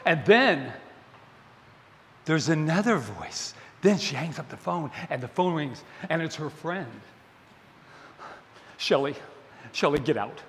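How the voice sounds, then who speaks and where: A man giving a sermon as a minister, telling a story in an animated, playful way. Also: on the high side, measured pace. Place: spiritual center sanctuary. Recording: long hall reverb, faint ambience.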